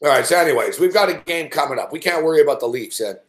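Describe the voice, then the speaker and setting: A man hosting a late-night sports betting show, ranting loudly and cursing constantly. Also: fairly high pitch, animated, fast talker, echoey room. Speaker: host. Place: indoor home studio.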